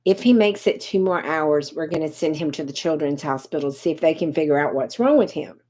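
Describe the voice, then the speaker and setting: This is a woman in her fifties coaching an online audience during a livestream. Her voice sits slightly low, and she talks in a chatty, direct way. She often stops to answer viewers by name. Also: lively intonation, brisk, a little mellow. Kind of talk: casual livestream pitch.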